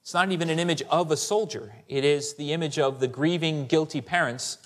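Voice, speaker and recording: Male historian, symposium lecture, slightly high, animated delivery. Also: a little fast. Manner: conversational, rhetorical asides like "Right?"; animated, quotes sources in character. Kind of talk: academic lecture.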